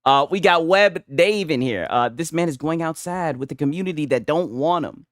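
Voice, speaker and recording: Tipsy from a couple of beers, a man livestreams in a laid-back way, chatting with viewers, reading chat, swearing a lot, and laughing often. His voice is on the high side at normal speed, with echo-free, studio-quality sound.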